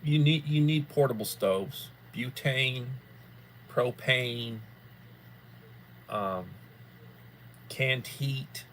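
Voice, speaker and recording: A man hosts a livestream, talking in a loose, folksy ramble that circles back and repeats itself. His voice sits at an ordinary middle pitch. A faint hum runs under the recording. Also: very slow, pauses often, a bit bright. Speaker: livestream host. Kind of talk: casual chat.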